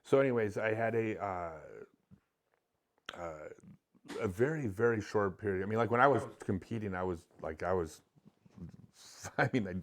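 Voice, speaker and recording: Man, middle-aged, lowish voice, confessional, emotional, halting restarts. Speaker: podcast guest. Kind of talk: candid storytelling in conversation.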